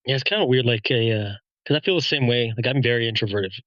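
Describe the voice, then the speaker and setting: A man, a police officer, talking in a relaxed, self-deprecating way on a podcast. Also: medium pitch, fast talker, no room sound, lo-fi sound. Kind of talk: casual podcast chat.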